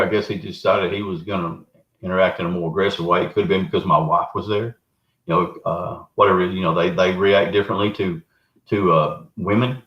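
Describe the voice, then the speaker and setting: A middle-aged man with a Southern US accent, a Bigfoot researcher and show guest, telling his story in a folksy, rambling way. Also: low voice. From Arkansas, US. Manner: folksy, rambling, animated retelling. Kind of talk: casual storytelling. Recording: roomy, dull lo-fi remote audio.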